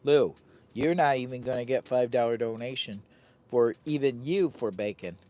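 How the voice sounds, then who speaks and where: A man's voice: medium pitch, moderate pace, darkish tone. A man hosting a casual live stream from a camping trip, rambling and joking with his viewers and his dog. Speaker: livestreaming camper and channel host. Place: tent at a campsite.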